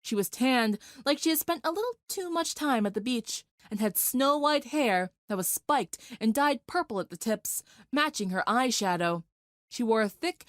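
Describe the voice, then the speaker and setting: A woman's voice: fairly high pitch, no room sound. Woman reading an action story, dry close sound. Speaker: narrator. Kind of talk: dramatic fan fiction reading.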